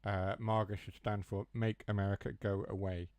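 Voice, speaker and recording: A man's voice: lowish voice, level tone, moderate pace, darkish tone, dry recording. A young man with a Huthwaite accent from near Mansfield, rambling through joking asides as he streams a train game and drops his H's and T's. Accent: Huthwaite, Nottinghamshire. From Mansfield area, England. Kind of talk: casual chat while gaming.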